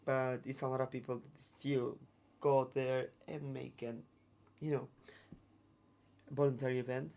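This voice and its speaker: Interview guest: man, broken English, many restarts, middling pitch. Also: level tone, a little slow, vocal fry, a little mellow. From Mexico. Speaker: guest, circus artist. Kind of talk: casual storytelling interview.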